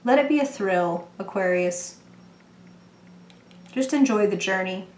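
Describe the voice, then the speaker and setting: A woman giving a casual, playful tarot reading to the viewer, chatty and quick to laugh. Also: mid-range voice, lively intonation, darkish tone, reverberant. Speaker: tarot reader.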